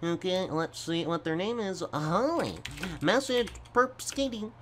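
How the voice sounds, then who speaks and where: A man doing goofy gameplay commentary, stammering and talking slowly to his viewers as folks. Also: sits high, fairly bright tone, a little hiss or hum. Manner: slow, stammering, goofy, keeps addressing folks. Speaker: gaming YouTuber.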